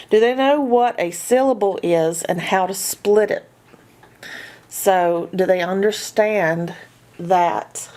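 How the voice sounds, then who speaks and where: Slow, patient woman teaching reading. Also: on the low side, a little mellow. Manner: asks checklist questions and sounds out letters slowly. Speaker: reading teacher for homeschool parents. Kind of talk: instructional walkthrough.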